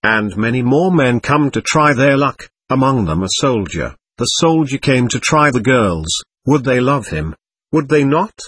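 A man reading a classic novel aloud as audiobook narrator, in a measured literary manner. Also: mid-range voice, lively intonation, a bit bright, slightly rough, no echo. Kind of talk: scripted narration.

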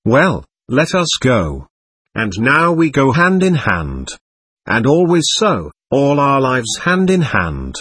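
A man reading the part of a gentle, earnest young man who speaks warmly and pleadingly to a group of boys, in a storybook reading. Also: medium pitch, wildly swooping pitch, slow pace, husky, dry recording, heavily acted. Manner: warm, heartfelt, pleading.

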